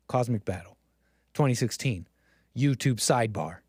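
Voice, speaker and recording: A man's voice: a little high, animated, normal speed, darkish tone, no room sound, studio quality. A man hosting a casual livestream, rambling and sarcastic, mocking others with exaggerated gasps. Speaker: livestream host.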